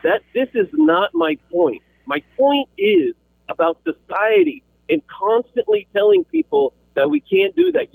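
A man's voice: extremely high pitch, wildly swooping pitch, a little slow, vocal fry, no echo. A man calling in to a radio talk show, arguing with passion and often repeating his words. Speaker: caller. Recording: tinny dry phone line.

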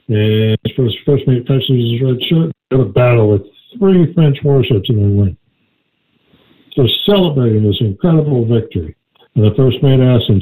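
A man co-hosting a call-in radio show, chatting casually and telling a rambling joke with many halting restarts. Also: medium pitch, warm tone. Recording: tinny phone-like line.

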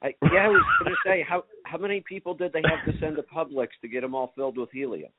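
A man's voice: a little high, steady tone, fast, a little hiss or hum. A man hosting a casual call-in radio show over his phone, joking and chatty. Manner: joking, chatty, laughs easily. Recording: phone-line audio.

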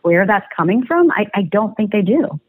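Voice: mid-range voice, sing-song, moderate pace, breathy edge, no room sound, narrow, tinny audio. A podcast co-host talking earnestly in casual chat and repeating points for emphasis.

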